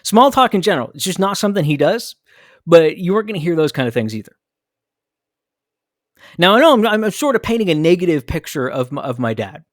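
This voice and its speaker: A man with a high voice hosts a podcast, speaking briskly and very animatedly in a clean studio recording without echo. In a personal monologue, he tells a candid, reflective story about his own childhood.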